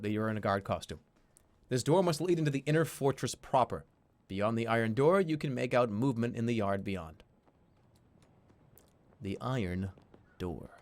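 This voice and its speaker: Animated man reading a game aloud. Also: mid-range voice. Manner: animated, jokey and swearing. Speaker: streamer. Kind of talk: casual gaming commentary reading game text aloud.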